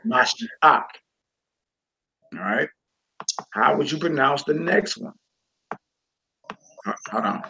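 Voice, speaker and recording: A man's voice: on the high side, expressive, takes it slowly, gravelly, long pauses, sharp tone. A man teaching a reading lesson, patient and encouraging, repeating words and checking in with the learner often.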